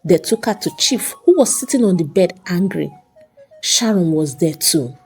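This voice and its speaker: A woman narrating a folktale in a dramatic, unhurried storytelling manner. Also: lowish voice, expressive, breathy edge. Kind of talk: scripted narration. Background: faint background music.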